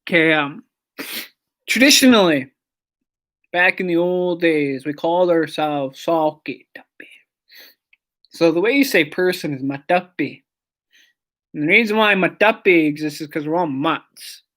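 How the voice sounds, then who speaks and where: An unhurried teacher in the middle of a language lesson, saying each word over and over for learners. Some repeats come out softly or as a whisper, and the explanations of stress and meaning stay patient and plain. The voice sits at an ordinary middle pitch. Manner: says each word several times slowly, sometimes softly or in a whisper; explains pronunciation patiently with short asides.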